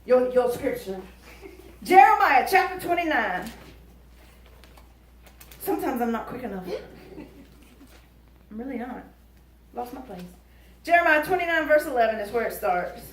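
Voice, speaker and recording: A woman preaching a lively sermon, emphatic and folksy, joking and dropping into quiet asides. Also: on the high side, measured pace, long pauses. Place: church sanctuary. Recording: echoey church from far off.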